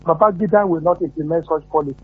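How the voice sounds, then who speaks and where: A man's voice: on the high side, quick pace, slightly rough. A man with a Nigerian accent calling in to a radio show, giving his opinion earnestly. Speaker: caller. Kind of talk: phone-in opinion. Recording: tinny phone line.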